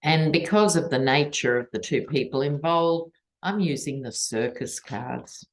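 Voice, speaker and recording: A woman's voice: low-pitched, measured pace. A woman with an Australian accent doing a tarot reading and talking to camera in a chatty, digressive, wry way. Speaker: tarot reader and political commentator. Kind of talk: casual chat to camera.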